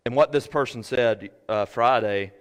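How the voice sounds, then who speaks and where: A man preaching a sermon as pastor, swinging from shouted fervor to quiet earnest talk. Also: medium pitch, measured pace. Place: church sanctuary. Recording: preached in a reverberant hall.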